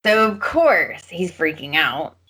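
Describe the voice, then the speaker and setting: A woman with a lowish, bright and forceful voice hosts a chatty podcast. She recaps soap opera plots in a casual storyteller way and slips into the characters' lines as she goes. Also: very animated, slow pace, husky. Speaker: podcast host.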